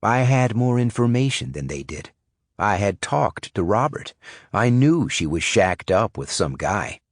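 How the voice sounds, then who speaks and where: A man reading a thriller audiobook in first person, measured and suspenseful. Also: fairly low pitch, sing-song, no room sound, clean studio sound. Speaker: audiobook narrator. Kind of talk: scripted audiobook narration.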